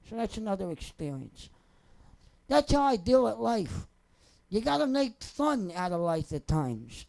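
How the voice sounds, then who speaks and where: Young guy telling stories off the cuff, warm easygoing voice, joking around and rambling. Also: high voice, low-quality recording. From New Jersey. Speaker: singer telling personal stories. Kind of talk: casual off-the-cuff storytelling.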